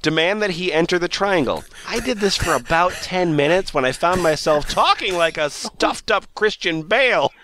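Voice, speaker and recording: A man's voice: high voice, lively intonation, moderate pace, few pauses, pushed and bright, slight background noise. A man hosting a casual comedy podcast, reading a blog post aloud and giggling often as he goes. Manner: giggly, reads aloud with frequent laughs.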